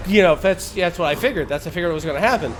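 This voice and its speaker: A man in his forties, a live streamer, telling a story in a casual, animated and profane way with frequent laughs. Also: sits high, quick pace, very noisy.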